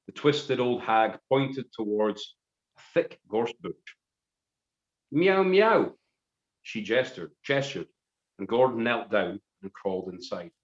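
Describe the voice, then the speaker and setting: A man's voice: fairly low pitch, unhurried. A man narrating a comic story in a mock-dramatic way. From Scotland. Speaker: musician reading a story on a live stream. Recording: roomy, dull live stream audio.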